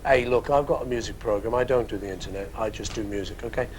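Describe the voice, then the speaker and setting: A man's voice: on the low side, fast, slight background noise. A man hosting a music program from a studio, answering listener questions in a rambling, jokey, casual way. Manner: rambling and jokey, with playful asides. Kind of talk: casual chat.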